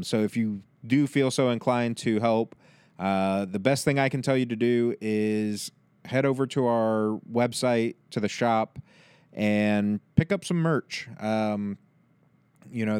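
Low, smooth-voiced podcast host. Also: male voice, darkish tone, no echo. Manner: loose and rambling, many fillers. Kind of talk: casual outro address to listeners.

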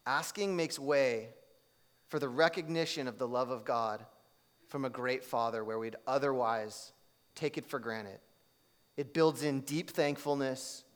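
A man preaching a sermon, telling a personal story in a conversational way and acting out the voices in it. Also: mid-range voice. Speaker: pastor.

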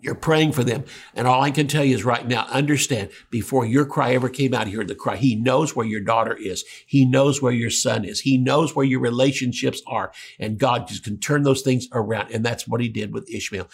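A man preaching a sermon, earnest and emphatic, swinging between raised peaks and quiet low passages. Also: moderate pace, few pauses, breathy edge.

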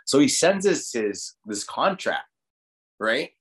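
A man's voice: medium pitch, very animated, slow pace. A man from Guam who runs a restaurant, telling his story in a loose, casual interview and swearing freely. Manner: loose, profane, heavy use of "like" and "you know". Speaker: restaurant owner and chef.

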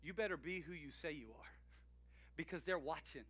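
A man in his forties preaching a sermon in a lively, conversational way, laughing often and breaking into loud, playful exclamations. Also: a little high, moderate pace. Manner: energetic, conversational, laughs often, shouts greetings. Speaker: pastor.

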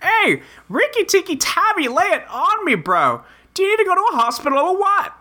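A woman's voice: fairly high pitch, big pitch swings, normal speed, sharp tone, voice pushed up, full character voice. A woman reading a quirky young male adventurer who talks in folksy, old-fashioned slang, rambling and exclaiming. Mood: alarmed. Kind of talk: reading a webcomic aloud.

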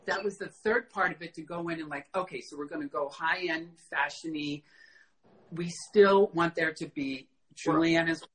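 Bright-voiced man telling stories. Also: fairly high pitch, moderate pace, rough recording. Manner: animated, acts out quoted dialogue, many fillers. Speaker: costume designer guest. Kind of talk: casual interview storytelling.

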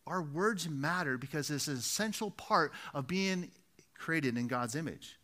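A man's voice: fairly high pitch, expressive, a little slow, bright, forceful tone. A man preaching a sermon, earnest and repetitive, driving points home with rhetorical questions. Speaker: pastor.

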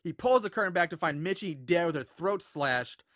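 A man's voice: high voice, normal speed, dry recording, studio quality. A man casually recapping a film's plot for a co-host, acting out the characters' lines with laughter. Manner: animated retelling with acted-out quotes and laughs. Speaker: podcast co-host recapping a film. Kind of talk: casual chat.

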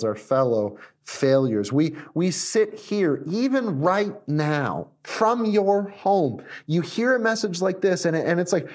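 A man preaching a sermon, animated, shifting between emphatic lines and hushed ones. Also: fairly high pitch. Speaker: pastor. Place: recorded for viewers at home.

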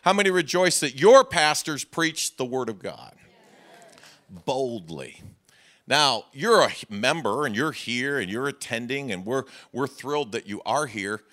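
A man's voice: mid-range voice, animated, measured pace, a bit bright. A middle-aged man, a pastor preaching a sermon with folksy humor and rhetorical questions to the congregation.

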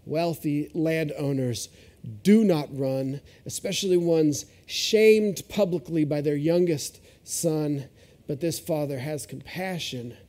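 Rich: A man preaching a sermon, retelling a story with expressive, shifting delivery. His voice sits a little high but sounds mellow and warm. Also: slow.

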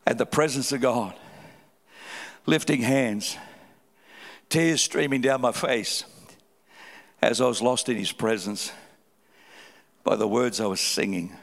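A middle-aged man preaching a sermon with fervour, swinging between loud cries and low, quiet stretches. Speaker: pastor. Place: large church hall. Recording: live hall reverb.

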